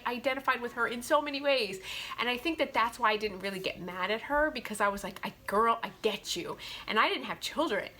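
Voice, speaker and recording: Bright-voiced woman gushing about books. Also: medium pitch, a little hiss or hum. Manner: heartfelt, chatty, full of "like" fillers. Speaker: booktuber reviewing romance novels. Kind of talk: casual book review chat.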